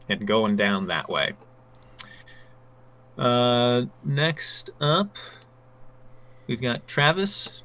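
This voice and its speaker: A man's voice: medium pitch, vocal fry, pushed and bright. A man narrating as game master, thinking aloud with frequent ums and counting out moves.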